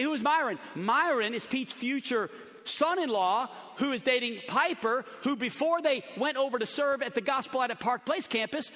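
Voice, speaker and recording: Animated high-voiced preacher in a big hall. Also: male voice. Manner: animated, acts out quoted voices, shouts at high points. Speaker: pastor. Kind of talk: sermon storytelling. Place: large church auditorium. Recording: long hall reverb.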